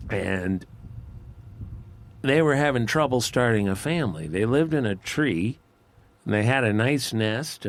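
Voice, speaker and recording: Male campfire storyteller, folksy, slow, lowish voice, outdoors. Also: slight background noise. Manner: folksy, unhurried, conversational. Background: faint outdoor ambience.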